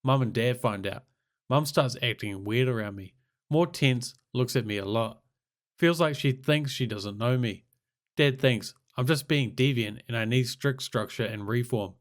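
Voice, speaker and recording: A man narrating a crude comic story in terse, deadpan, clipped fragments, reading from a script. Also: mid-range voice, measured pace.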